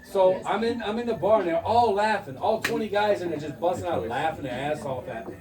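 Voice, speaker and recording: A man in his forties telling crude stories to friends over drinks, animated and laughing through them. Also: high-pitched, a little fast, roomy sound. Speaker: storyteller. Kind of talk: casual storytelling among friends. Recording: distant mic with music behind. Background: music playing.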